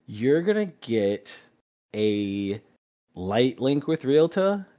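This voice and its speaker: A man acting as game master in a casual tabletop game session, relaxed and quick to laugh. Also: medium pitch. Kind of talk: running a tabletop game over voice chat.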